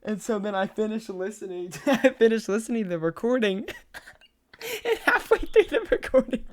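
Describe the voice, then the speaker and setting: A man's voice: high-pitched, sing-song, moderate pace, no echo, studio quality. A young man on a podcast, casually rambling through a story and laughing often as he talks. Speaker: podcast co-host.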